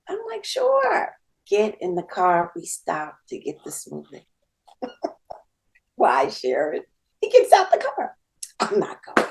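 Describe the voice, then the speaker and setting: A woman in her fifties, a podcast guest, telling a story in a lively, laughing way and acting out the dialogue. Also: on the low side, a little slow, rough recording. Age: 50s. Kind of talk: casual storytelling.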